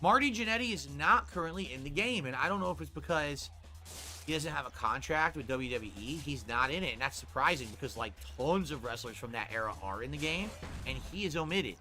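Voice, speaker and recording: Energetic man explaining a mobile game. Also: a little high, brisk. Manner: energetic, explains gameplay to chat. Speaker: streamer. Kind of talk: mobile game livestream commentary. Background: music.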